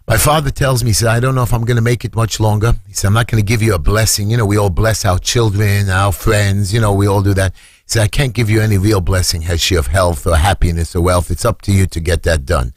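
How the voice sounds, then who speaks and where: A middle-aged New man with a low, husky voice tells a family story with dramatic swings. His voice leaps high when he acts out the shouts in the story. The sound is dry and close, with no room echo. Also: steady tone, fast talker. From Brooklyn, New York. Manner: dramatic retelling, voice leaping high when acting out screams. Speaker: council candidate. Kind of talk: emotional storytelling on radio.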